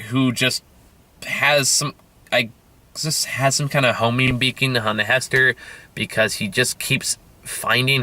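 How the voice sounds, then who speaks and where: A man's voice: mid-range voice, bright, forceful tone, clean tone, no echo. A man reviewing a film in a casual rant, sarcastic and profane, rambling with lots of fillers and sounding tired.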